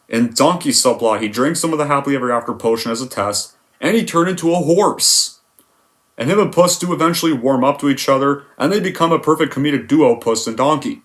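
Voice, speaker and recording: A man's voice: mid-range voice, fairly bright tone. A man giving an exasperated, emphatic film review rant, swearing often as he complains. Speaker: movie reviewer.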